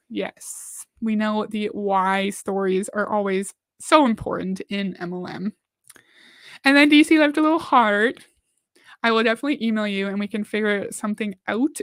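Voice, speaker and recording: A woman's voice: mid-range voice, a bit bright, dry recording. A woman hosting a livestream, chatting casually, reading out viewer comments and reacting to a video.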